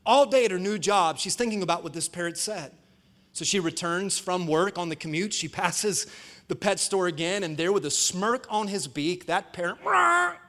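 A man's voice: sits high, normal speed, a bit bright. A male pastor preaching an emphatic sermon at a live church service, switching to playful storytelling.

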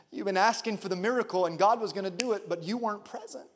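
A male pastor preaching a lively sermon, calling on the congregation for responses. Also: high-pitched, quick pace. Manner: animated preaching with call-and-response. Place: church sanctuary. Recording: long church hall reverb.

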